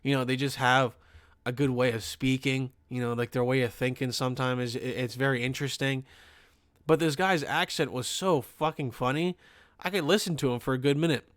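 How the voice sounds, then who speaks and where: A young man from Pennsylvania hosting a podcast, telling a funny story in a rambling, profane, animated way. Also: medium pitch, brisk, no room sound, studio quality. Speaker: podcast host. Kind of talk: comedic storytelling.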